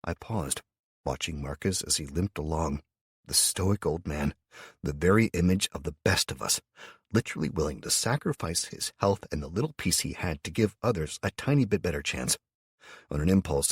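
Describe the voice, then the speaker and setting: A man narrates a first-person audiobook in a low, husky voice, blunt and sardonic in tone. The sound is dry and close, with no room around it. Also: brisk, no room sound.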